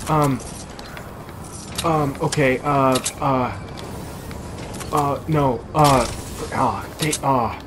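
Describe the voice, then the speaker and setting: A man commentating on his own gameplay in a casual, excitable, goofy way. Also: mid-range voice, background noise. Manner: excitable and goofy, with quick bursts of exclamations. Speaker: gaming video host.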